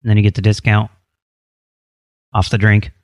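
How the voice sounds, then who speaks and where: A man's voice: fairly low pitch, completely flat delivery, normal speed, no echo, clean studio sound. A man posing as a homeowners' association official on a prank phone call, talking in a smug, teasing, unflappable way.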